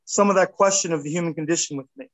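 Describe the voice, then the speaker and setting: A man in his fifties, an artist talking casually in an interview, animated and rambling, with a self-deprecating touch. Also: fairly high pitch, very fast, rough recording. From United States. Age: 50s. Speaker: artist guest.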